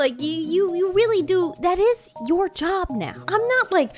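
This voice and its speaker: A young woman streamer chats in a casual, playful vlog style. Her voice sits high and bounces wildly up and down, climbing even higher whenever she gets worked up, with faint music playing underneath. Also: measured pace. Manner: animated, jokey, voice shifts up when excited. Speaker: streamer and content creator.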